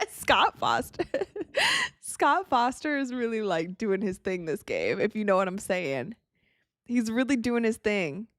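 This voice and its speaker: Tired yawning woman from the us reacting live to a game, excitable, laughs a lot, dry mic. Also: medium pitch, dry recording. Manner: chatty and excitable, quick reactions, frequent laughter. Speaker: live-stream sports commentator. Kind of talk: casual watch-along game commentary.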